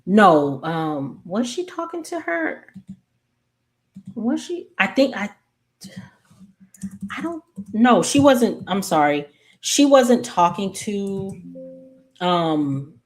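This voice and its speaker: A woman casually recapping a soap opera episode, rambling with many fillers and self-corrections and talking back to the characters. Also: deep voice. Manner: opinionated, talks back to the characters.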